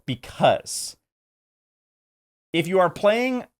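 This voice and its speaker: A man's voice: high-pitched, sing-song, slow pace. A man co-hosting a casual tabletop gaming talk, giving opinionated verdicts with jokes and frequent restarts. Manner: opinionated, joking, restarts mid-sentence. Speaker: co-host.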